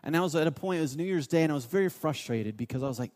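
Male pastor, fairly high voice, preaches with stories, swings from loud to hushed, church reverb. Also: animated, racing, hardly any pauses. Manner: storytelling, shifts between loud urging and hushed asides. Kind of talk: sermon.

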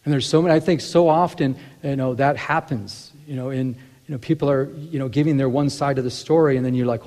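A man's voice: mid-range voice, fairly even intonation, fast talker, darkish tone, big-room sound. A man teaching from the Bible in a conversational sermon, often restarting and acting out little asides. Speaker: preacher.

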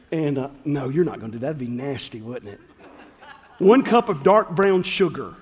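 A man preaching a sermon as pastor, telling folksy stories that build to loud peaks. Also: fairly high pitch, husky. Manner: folksy, animated storytelling with rising shouts. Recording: long hall reverb.

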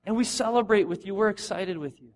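A middle-aged male pastor with a high voice delivers a relaxed, conversational sermon. He talks casually with lots of restarts and slips into lively little voices for the people in his examples. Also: fast. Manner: conversational, animated, acts out voices of runners.

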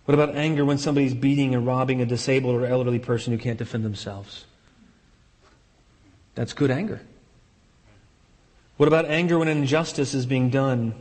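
A man's voice: mid-range voice, steady tone, brisk, long pauses, a little mellow. Man preaching in a reverberant hall. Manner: earnest, repeats key phrases for emphasis. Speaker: pastor. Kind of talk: sermon.

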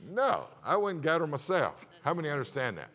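A middle-aged man preaching a sermon as pastor, moving between loud emphatic points and low confiding asides while putting questions to his congregation. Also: wildly swooping pitch, a little fast.

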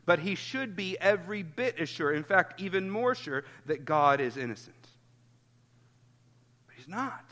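A man's voice: high-pitched, animated, a little slow, pushed and bright, long reverb tail. A pastor giving an earnest expository sermon, citing chapter and verse as he goes.

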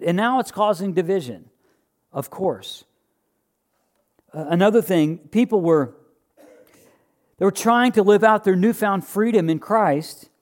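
A man's voice: high-pitched, a little mellow. A man preaching a sermon, reading scripture aloud and asking the congregation questions in a conversational, emphatic way. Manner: conversational, with restarts and emphatic rises. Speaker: pastor.

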